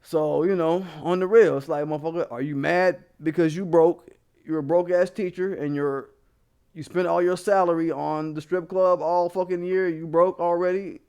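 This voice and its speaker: A man delivers a heated, profanity-laced rant, talking straight to his viewers. His voice sits a bit high for a man, and he keeps it blunt and casual throughout. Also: steady tone, moderate pace, darkish tone, clear, resonant tone. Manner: blunt, heated, swearing constantly, addressing viewers directly. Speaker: commentary channel host.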